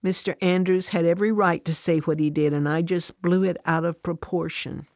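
A woman's voice: lowish voice, steady tone, normal speed, vocal fry, a little mellow, no echo. A woman voicing an upset working mother who turns defensive and sarcastic, close to tears. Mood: contrite prayer.

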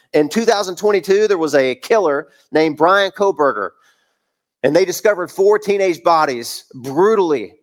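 A middle-aged man preaches a sermon in a relaxed, conversational way. He fires off rhetorical questions and often adds "man", and his voice sits a little higher than most men's. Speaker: pastor.

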